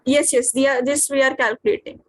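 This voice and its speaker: A high-pitched woman with an Indian English accent teaches a physics class over a video call. She keeps stopping to ask her students what comes next and whether it is clear. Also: fairly even intonation, brisk. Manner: questioning, checks understanding often.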